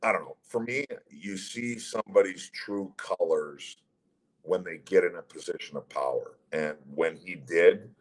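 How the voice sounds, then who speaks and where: Middle-aged man, gravelly-low and husky, blunt profane storyteller guest. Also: unhurried, poor audio. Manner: blunt, heavy swearing, animated retelling. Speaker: guest, former pro hockey player. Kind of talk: casual storytelling.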